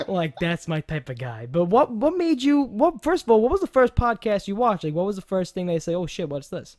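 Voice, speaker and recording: A man with a New York accent hosting a casual podcast chat, animated and rambling, laughing often. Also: sits high, moderate pace. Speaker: podcast host.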